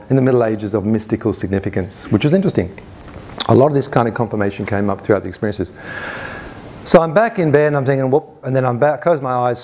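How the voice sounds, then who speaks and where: A man's voice: on the low side, darkish tone. A man speaking at a summit, earnestly recounting personal experiences in a conversational storytelling style, often restarting sentences and quoting his own thoughts. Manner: earnest, recounts events in present tense with inner quotes; frequent restarts and fillers, conversational. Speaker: conference speaker. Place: summit stage before an audience.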